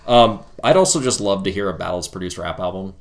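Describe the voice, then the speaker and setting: Man from Colorado, lower voice, easygoing podcast co-host talking records. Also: lively intonation, brisk. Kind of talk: casual music review chat.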